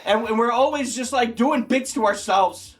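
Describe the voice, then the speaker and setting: A man playing an emotional male clown employee in an improvised comedy sketch, rambling on and bursting into shouted bits. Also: very high voice, normal speed.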